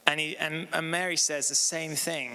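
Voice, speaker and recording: A man's voice: fairly high pitch, steady tone, normal speed, bright, forceful tone. A man in his thirties giving a sermon in a church hall, talking casually with many "like" and "um" fillers. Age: 30s. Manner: casual, filler-heavy with frequent "like" and "um". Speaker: preacher. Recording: long reverb of a church hall.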